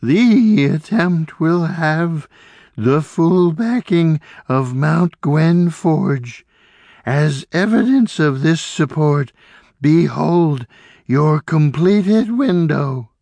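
A man voicing a slow, strange alien master of mixes who speaks in a warbling, uneven way with oddly ordered words. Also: a little high, animated, darkish tone, no echo, voice pushed up, exaggerated voice. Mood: proud.

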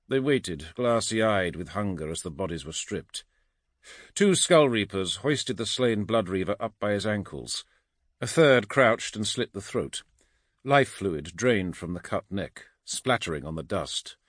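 Man reading dark fantasy in a dry voice. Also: expressive, no room sound. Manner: low, dramatic, measured reading. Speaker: narrator. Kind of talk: audiobook fantasy narration.

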